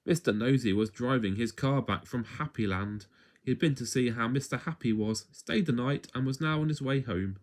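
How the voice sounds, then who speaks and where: A man reading a children's story aloud at home in an expressive, playful way. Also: medium pitch, moderate pace.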